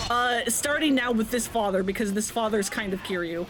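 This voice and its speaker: A woman's voice: fairly high pitch, brisk, over music. A woman streamer giving casual, rambling gameplay commentary, laughing often.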